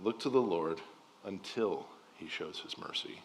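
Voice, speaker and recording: Male pastor, lowish voice, earnest sermon delivery with emphatic peaks and soft endings. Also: very animated, normal speed. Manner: earnest, emphatic, dropping softly at phrase ends. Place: church.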